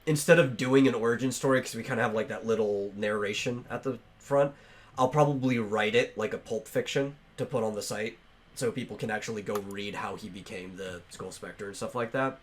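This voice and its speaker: A man with a fairly low voice hosts a casual podcast, chatting loosely. He rambles, restarting his sentences and filling pauses as he goes. He speaks into a home microphone on an online call. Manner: rambling, lots of fillers and restarts. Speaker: podcast host.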